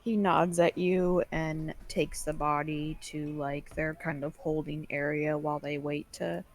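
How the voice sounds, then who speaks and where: Low-voiced woman running a tabletop game. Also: flat delivery, measured pace. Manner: casual, describes scenes with fillers. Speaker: game master.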